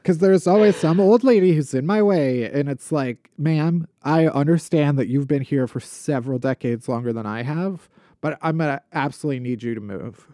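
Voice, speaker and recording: A man's voice: on the high side, normal speed, dry recording, studio quality. A man co-hosting a comedy podcast, ranting about everyday annoyances in a casual, joking way. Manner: animated ranting complaints. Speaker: podcast co-host. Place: podcast studio.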